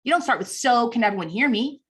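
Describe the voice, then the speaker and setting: Brief: woman impersonating a bossy Chicago advice columnist, older, emphatic and scolding, voice pushed up high. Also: animated, quick pace, fairly bright tone, a little hiss or hum.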